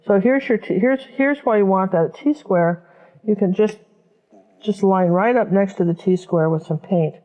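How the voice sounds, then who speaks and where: A woman's voice: lowish voice, muffled recording. A woman teaching a step-by-step painting lesson, chatting casually and thinking aloud as she works. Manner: chatty, talks while working, thinks aloud. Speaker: painting instructor.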